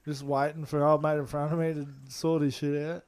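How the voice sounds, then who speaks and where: Easygoing Australian man, slightly high voice. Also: little pitch movement, fairly quick, a little mellow, clean tone. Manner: easygoing, chuckling agreement. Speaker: podcast co-host. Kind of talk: casual chat.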